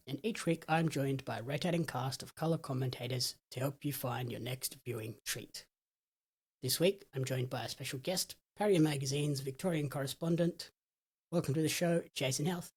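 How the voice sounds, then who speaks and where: A man's voice: mid-range voice, normal speed, slightly rough. A man hosting a casual podcast, chatting in an easygoing, wry way. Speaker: podcast host and play-by-play commentator.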